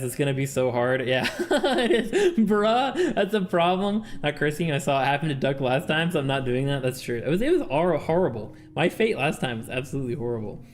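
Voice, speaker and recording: A man streaming a game with his chat, chatting casually, laughing often and reading game text aloud. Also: mid-range voice. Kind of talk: casual livestream chat while playing a game with chat.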